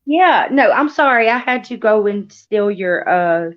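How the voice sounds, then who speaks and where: A woman guest co-host on a livestream speaks in a mid-range voice. She talks in an excitable, rambling way and often restarts her sentences. Her audio sounds dull and lo-fi. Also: medium pitch, a little slow. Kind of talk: casual livestream chat.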